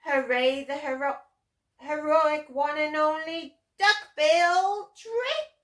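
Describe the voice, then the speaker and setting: A woman voicing a cheerful herd of duck-billed dinosaurs in a read-aloud storybook, hooting in a high, sing-song way. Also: slow, fairly bright tone. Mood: cheering. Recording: roomy echo.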